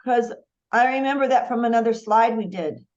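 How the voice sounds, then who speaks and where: A woman's voice: fairly high pitch, normal speed, a little mellow. Woman student on a dull call line. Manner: curious, hesitant learner.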